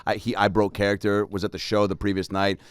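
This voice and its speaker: Deep-voiced man spinning comedic stories. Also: completely flat delivery, quick pace, clear, resonant tone, no echo. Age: 30s. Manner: storytelling, doing voices and bits. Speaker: podcast host. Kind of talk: casual comedic chat.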